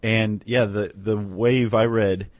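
A man's voice: fairly low pitch, steady tone, slow pace, no room sound. A man co-hosting a podcast, explaining step by step in casual chat and often checking in with "right?". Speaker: podcast co-host.

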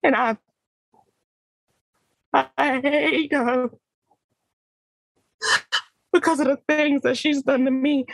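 A woman's voice: high-pitched, fairly even intonation, slow, vocal fry, long pauses, no echo, voice pushed up, exaggerated voice, rough recording. Lady doing a hurt grown daughter talking to her mama, pleading and raw, dry sound. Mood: bitter. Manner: pleading, rising to anguish. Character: grown woman hurt by her mother's love. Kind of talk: dramatic acting monologue.

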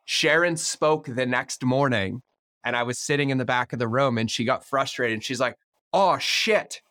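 Man, podcast host, casual interview, energetic, swears freely, mid pitch, dry sound. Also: normal speed, no room sound. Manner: energetic, swears freely, acts out quoted dialogue.

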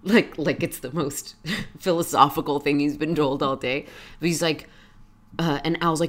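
Female podcast co-host, low voice, laughing storyteller. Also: steady tone, moderate pace. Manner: laughing, storytelling, acts out characters. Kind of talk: casual chat recapping a TV episode.

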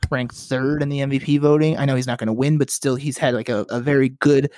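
A man's voice: medium pitch, fairly even intonation, fast, darkish tone, no echo, clean studio sound. A man hosting a sports podcast, leading the topics and asking the others questions. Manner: leads topics, asks questions. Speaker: podcast host. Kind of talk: casual sports chat.

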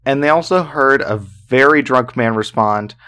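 A man's voice: medium pitch, normal speed, pushed and bright, smooth. Chatty, profane podcast storyteller man. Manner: chatty, profane, full of fillers. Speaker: podcast co-host. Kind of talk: casual true-crime storytelling.

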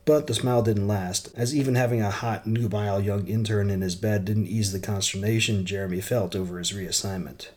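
Low-voiced man reading a story aloud. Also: steady tone, a little fast, few pauses, darkish tone. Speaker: audiobook narrator.

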